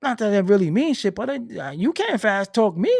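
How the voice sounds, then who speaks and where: Animated Brooklyn man with a profane streak. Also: high voice, brisk, gravelly, no room sound, studio quality. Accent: New York (Brooklyn). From Brooklyn, New York. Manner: animated, profane, streetwise storytelling. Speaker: channel host. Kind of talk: casual commentary monologue. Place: at home at his computer.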